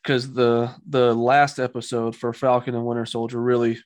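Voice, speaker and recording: A man talking casually as a podcast co-host, rambling through his opinions and mocking what he dislikes. His voice sits at an ordinary pitch. The sound is dry, with no room echo. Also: completely flat delivery, moderate pace. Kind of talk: casual chat.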